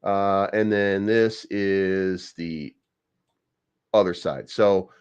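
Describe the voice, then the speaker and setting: A man's voice: sits low, fairly even intonation, drawn-out words, clean tone, dry recording. A man hosting a crypto channel, talking casually through price charts, rambling with lots of fillers, repeated words and casual swearing.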